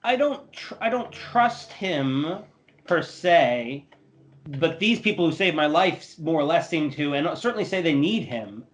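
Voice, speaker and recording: A man's voice: on the high side, animated, unhurried. A man playing in a tabletop game, chatting casually and thoughtfully, laughing often. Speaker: player.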